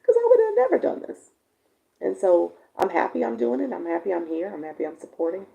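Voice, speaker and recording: A woman live-stream coach with a raspy voice, chatting casually with viewers and reading their comments. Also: medium pitch, huge pitch swings, fast talker, phone-quality sound. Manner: chatty, warm-toned, laughs often, answers viewers by name.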